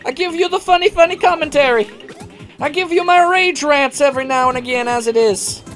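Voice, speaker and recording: A woman doing let's play commentary, ranting in an animated way, full of asides. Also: high-pitched, fairly quick, soft background music. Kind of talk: gameplay commentary rant.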